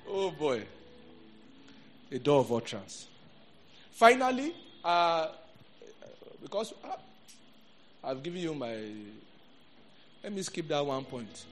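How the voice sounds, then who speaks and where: A Nigerian man preaching a sermon as a pastor, talking in a lively, conversational way with Pidgin asides. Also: on the high side, slight background noise.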